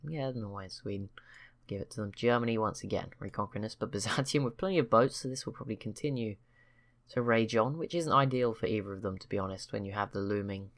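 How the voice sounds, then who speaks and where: Low-voiced man casually commentating a strategy game. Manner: rambling, self-correcting, wry teasing asides. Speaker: strategy game channel host. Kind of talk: casual let's-play commentary.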